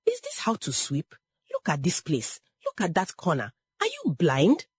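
A woman's voice: lowish voice, wildly swooping pitch, unhurried, a little mellow, husky, no room sound, exaggerated voice. A woman voicing a bitter, harsh village mother who scolds sharply. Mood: scolding.

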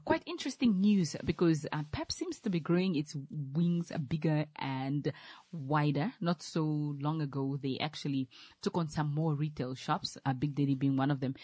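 A woman anchoring a studio news show, her voice a touch low and husky in a dry, close sound. She reads her items and questions her guest in a loose way, stopping to correct herself as she goes. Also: darkish tone, no room sound. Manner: loose, self-correcting delivery. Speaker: news presenter. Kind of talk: studio news presenting and interview.

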